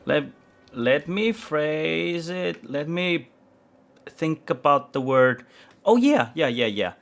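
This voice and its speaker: A man's voice: a little high, lively intonation, takes it slowly, gravelly. A man streaming a video game live, chatting with viewers in a hesitant, rambling, self-mocking way. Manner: rambling, hesitant, many restarts. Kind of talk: live gameplay commentary with chat.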